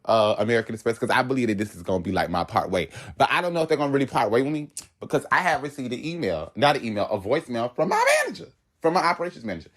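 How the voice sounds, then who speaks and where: A young man tells a story from his job straight to his viewers. He talks in a lively, profane way and acts out everyone's lines as he goes. His voice sits in an ordinary middle pitch for a man. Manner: animated, profane storytelling with acted quotes. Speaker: vlogger telling a work story. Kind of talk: casual storytelling to camera.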